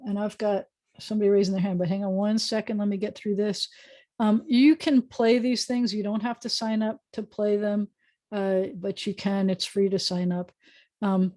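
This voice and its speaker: A woman's voice: medium pitch, mellow. A woman rabbi teaching a beginners' Hebrew lesson over a video call, patiently sounding out words with chatty asides.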